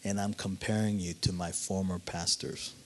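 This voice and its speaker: A man quoting a hushed, tearful woman confessing. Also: sits low, little pitch movement, slight background noise, voice pushed down. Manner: hushed, halting, sobbing.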